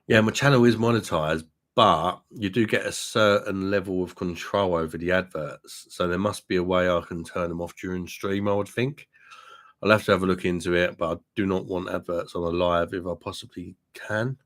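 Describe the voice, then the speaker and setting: A man's voice: low-pitched, steady tone, moderate pace, fairly bright tone. A middle-aged man with a blunt, joking manner, chatting casually with viewers on a live stream and calling them mate. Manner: blunt, laughing, swears freely, addresses viewers as mate. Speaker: beer reviewer and live-stream host. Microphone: webcam mic.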